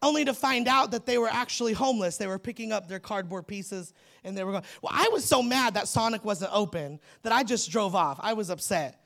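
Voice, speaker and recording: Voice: medium pitch, a little fast, gravelly, a bit bright. A preacher giving a sermon in a conversational, humorous storytelling manner and speaking straight to the congregation. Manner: addresses the congregation directly.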